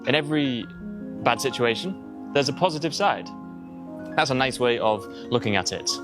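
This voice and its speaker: A man's voice: mid-range voice, animated, normal speed, music in the background. A young man with an English accent, giving a chatty vlog-style English lesson and explaining words with examples. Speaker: English teacher.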